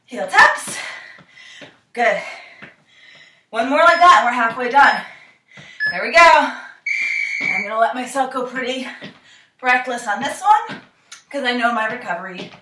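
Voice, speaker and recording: A woman's voice: a little high, big pitch swings, measured pace, pauses often, noisy background. A young woman instructing a cardio workout while exercising along, a little out of breath, encouraging and counting down reps. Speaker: fitness instructor. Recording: echoey room, camera mic from far off.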